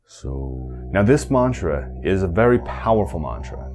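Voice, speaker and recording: A man giving calm, measured guided meditation instructions, chanting a mantra at times. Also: deep voice, faint music behind. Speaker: meditation teacher.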